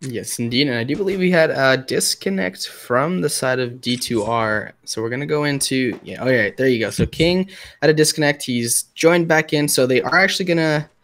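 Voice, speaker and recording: A man casting a mobile shooter match live, with excitable play-by-play full of fillers. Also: mid-range voice, moderate pace. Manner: excitable caster with frequent fillers. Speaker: esports commentator.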